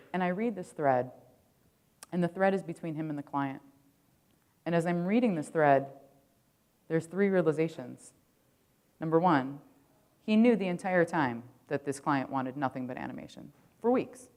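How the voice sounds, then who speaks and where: Very low-voiced woman telling a casual story. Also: normal speed, long pauses, darkish tone. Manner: casual, profane, full of "like" fillers. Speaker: keynote speaker. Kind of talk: conference keynote storytelling. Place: conference stage.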